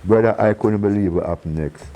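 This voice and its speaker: Low, mellow Jamaican man telling stories. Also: a little fast, faint music behind, poor audio. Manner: animated storyteller who acts out quoted voices and laughs often. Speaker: reggae singer being interviewed. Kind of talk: casual storytelling in an interview.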